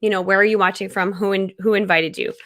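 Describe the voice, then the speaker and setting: A woman in her thirties hosting a live-stream coaching session, talking casually, loudly and energetically and laughing often. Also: mid-range voice, steady tone, fast talker.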